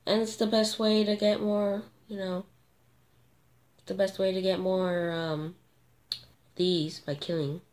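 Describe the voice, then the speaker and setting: A woman commentating her own gameplay, excitable and gasping at sudden moments, thinking aloud and talking to viewers. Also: mid-range voice, slow, long pauses. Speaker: gamer.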